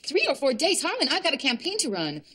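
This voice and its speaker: A brisk wife. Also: female voice, high voice, wildly swooping pitch, bright, forceful tone, full character voice. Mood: protesting. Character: busy pregnant wife running a campaign.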